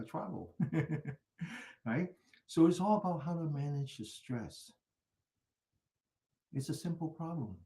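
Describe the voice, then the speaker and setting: A man's voice: a little high, mellow, reverberant. An older man teaching a mindfulness class, telling stories in a chatty way and often asking "right?". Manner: chatty storytelling with frequent laughs and rhetorical "right?".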